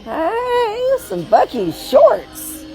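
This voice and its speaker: A woman, chatting excitedly in a casual vlog while walking through a large store, laughing often. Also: very high voice, drawn-out words, creaky, faint music behind, rough recording. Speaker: vlogger. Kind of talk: casual shopping vlog chat.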